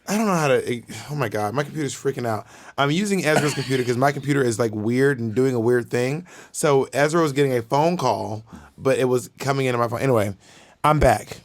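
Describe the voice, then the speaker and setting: A man co-hosting a podcast in casual chat, talking in an animated, campy way with lots of stammered restarts. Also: mid-range voice. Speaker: podcast co-host.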